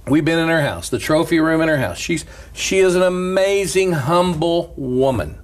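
A man's voice: on the high side, moderate pace. A middle-aged man, a preacher, telling a story in casual chat and quoting the people in it. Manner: animated storyteller, quotes others, laughs often. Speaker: preacher and talk show guest.

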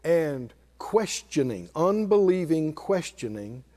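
An older male pastor preaching to his congregation. His voice sits high and swings widely in pitch. He rises to loud exclamations, then sinks to low, quiet asides. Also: very animated, slow. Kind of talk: sermon.

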